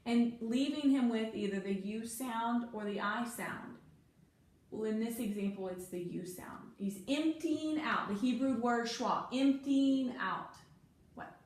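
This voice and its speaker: Brief: woman tutor, higher voice, patient, drags out key words; very echoey room with faint hiss. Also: unhurried. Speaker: teacher. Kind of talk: one-on-one phonics lesson.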